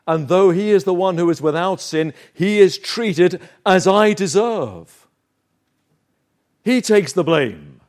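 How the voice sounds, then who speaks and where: A man preaching a sermon, earnest and emphatic, slowing down to stress key phrases. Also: high-pitched, expressive, a little mellow.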